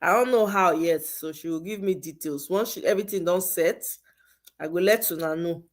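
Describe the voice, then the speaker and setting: A woman's voice: lowish voice, moderate pace. Nigerian woman hosting a casual livestream. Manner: mixes Pidgin, laughs often, reads comments aloud. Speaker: livestream host.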